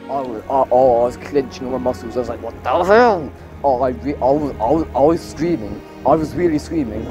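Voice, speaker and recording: A man's voice: medium pitch, fairly even intonation, brisk, music in the background. A young man vlogging from an electric bike outdoors. He rants and swears at his sat-nav in casual running commentary, picked up by a bike-mounted camera. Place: outdoors on an electric bike along paths and roads.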